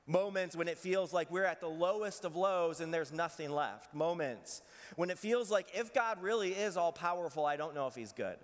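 A man preaching a Sunday sermon in an earnest, searching way, his voice a touch higher than most men's. He sinks soft and slow on the hardest lines. The sound carries a long reverb from a large hall. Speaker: pastor.

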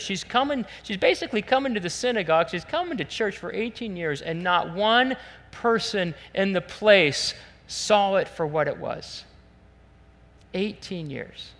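A man preaching a sermon as pastor, animated and acting out the voices he quotes. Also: high-pitched. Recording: long church hall reverb.

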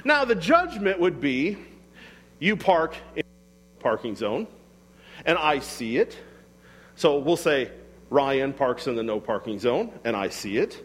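A man's voice: fairly high pitch, sing-song, a little slow, pauses often, breathy edge, long reverb tail. A man preaching a sermon in a casual, emphatic way, full of rhetorical questions. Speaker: pastor.

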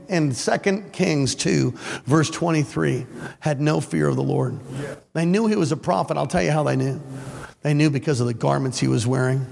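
A man preaching a lively, story-driven sermon to a congregation, playful and animated as he acts out his stories. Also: on the high side, normal speed, vocal fry. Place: church before a congregation. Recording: echoey church hall with faint ambience.

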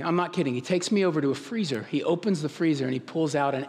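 A man with a fairly high voice tells a funny story from the pulpit in a loose, conversational way. His voice rings out with a long reverb through the hall. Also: quick pace, darkish tone. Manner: conversational, humorous, self-interrupting. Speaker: pastor. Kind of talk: storytelling sermon.

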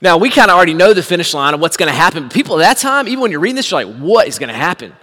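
High-voiced animated preacher man. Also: racing, in a large hall. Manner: animated storytelling, swinging from hushed to shouting. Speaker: pastor. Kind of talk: sermon.

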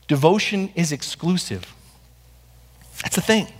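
A man delivers a Sunday sermon from the pulpit in a notably high voice. He leans on repetition and rhetorical questions to press his points. The sound carries the long reverb of a church sanctuary. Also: sing-song, slow, pauses often, a bit bright. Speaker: pastor.

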